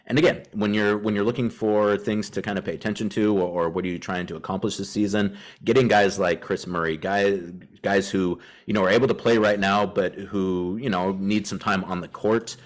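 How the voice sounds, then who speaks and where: Fast-talking low-voiced male podcast co-host. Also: fairly even intonation. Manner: analytical, cites stats, long run-on thoughts. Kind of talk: casual chat.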